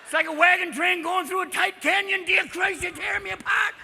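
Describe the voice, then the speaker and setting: A shrill yelping old cowboy sidekick. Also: male voice, fairly even intonation, brisk, creaky, pushed and bright, raised voice, exaggerated voice. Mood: frantic. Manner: high cackling yelp, hysterical. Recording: live hall reverb, crowd noise.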